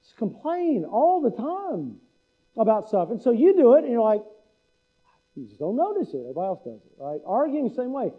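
Folksy high-voiced male preacher. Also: sing-song, a little fast, narrow, tinny audio. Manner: folksy, mimics local speech for laughs. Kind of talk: sermon. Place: church hall.

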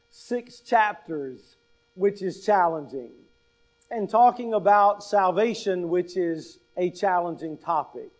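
High-voiced, slow, emphatic male preacher. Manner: emphatic, asks the congregation rhetorical questions; deliberate, stresses key words. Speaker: pastor. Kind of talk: sermon.

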